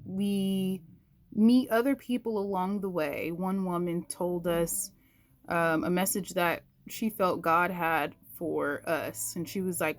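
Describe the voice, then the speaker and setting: A woman telling a personal faith story to her viewers in a casual, animated way, acting out the quoted voices. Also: takes it slowly. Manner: animated, acts out quoted voices with big pitch jumps; talks to viewers directly, uses "y'all". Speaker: vlogger sharing a faith story.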